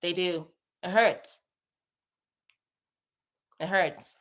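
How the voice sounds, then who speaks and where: A young woman hosts a casual advice chat, reading out viewer messages in a chatty, emphatic manner and repeating phrases for stress. Her voice sits on the low side with a steady tone and a fairly bright quality, and she speaks extremely slowly.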